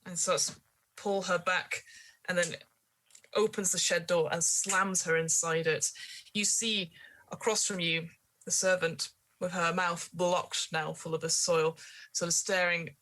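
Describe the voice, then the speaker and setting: A woman's voice: on the low side, little pitch movement, unhurried, fairly bright tone. Woman narrating as game master. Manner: descriptive, hesitant with fillers. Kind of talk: narrating a tabletop horror game.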